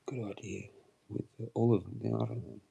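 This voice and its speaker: A man's voice: fairly low pitch, steady tone, fairly quick, vocal fry, warm tone, husky. A young man chatting on a livestream, crude and slangy, often laughing and putting on mock voices. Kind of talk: rambling casual livestream chat.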